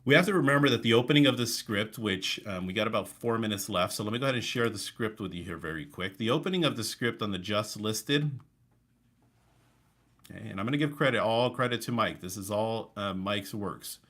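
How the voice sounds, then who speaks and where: A man with a somewhat low voice coaches a group live over a video call. He talks with high energy, then slows down and drops into deliberate pauses for emphasis. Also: fairly bright tone. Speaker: real estate coach. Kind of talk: live online coaching session.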